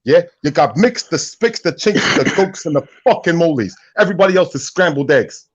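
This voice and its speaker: Man doing a husky ranting loudmouth. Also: a little high, animated, brisk, highs cut off.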